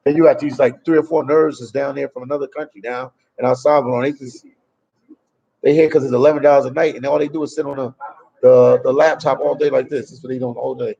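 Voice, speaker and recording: A man's voice: medium pitch, steady tone, fast talker, gravelly, dark tone, breathy edge, highs cut off. A man from Memphis, chatting casually on a travel livestream from a café and answering viewer comments. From Memphis, USA. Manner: loose and talkative, reads and answers viewer comments. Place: a café in El Salvador.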